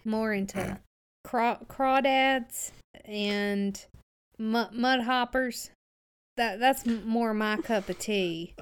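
A woman's voice: fairly high pitch, slow, smooth. A woman playing a tabletop game, talking in a hesitant, stammering, apologetic way.

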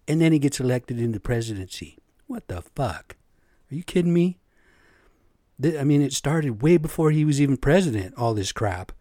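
A man's voice: medium pitch, lively intonation, moderate pace, warm tone, no room sound, clean studio sound. Blunt, profane middle-aged man. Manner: blunt, profane, exasperated, talking straight to listeners. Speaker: podcast host. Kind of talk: opinionated solo podcast rant.

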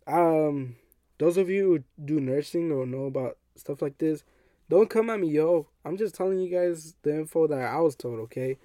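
A young adult man hosting a podcast, telling a personal story in a casual, animated way and acting out what others said. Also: on the high side, normal speed, dry recording, clean studio sound. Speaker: podcast host.

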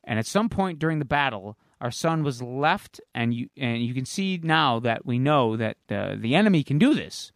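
A man co-hosting a podcast at a middling pitch, rambling through a story recap with plenty of fillers and the odd curse. The sound is dry and close, with no room echo. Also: expressive, normal speed, few pauses. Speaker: podcast co-host. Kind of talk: casual chat.

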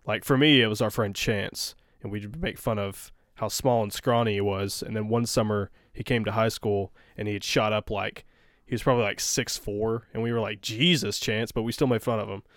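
A man's voice: on the low side, fairly even intonation, normal speed, dry recording, clean studio sound. A man joking and swearing in casual podcast talk with friends. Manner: joking, profane. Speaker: podcast co-host.

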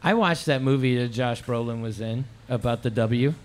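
A man's voice: mid-range voice, normal speed. A man bantering and guessing answers in a casual trivia chat, joking and swearing freely.

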